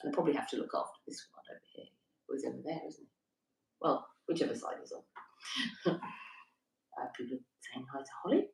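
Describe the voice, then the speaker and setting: A woman's voice: rumbling low, expressive, a little fast, gravelly, long pauses. A woman co-hosting an evening livestream from a holiday stay in Wales, chatting casually, giggling and reading viewer comments aloud. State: stiff neck. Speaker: livestream co-host. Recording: roomy echo, distant from the mic.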